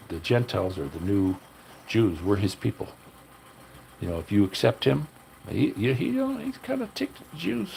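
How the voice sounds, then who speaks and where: A man's voice: low-pitched, gravelly, a little mellow, slight background noise, poor audio. An older man chatting casually on a livestream, telling loose, profane, folksy stories to viewers. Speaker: livestream host. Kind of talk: casual rambling chat to live viewers.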